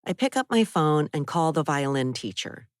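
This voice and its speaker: A woman narrating a first-person thriller audiobook in a steady, even way on a close studio mic. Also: low voice, normal speed, dry recording.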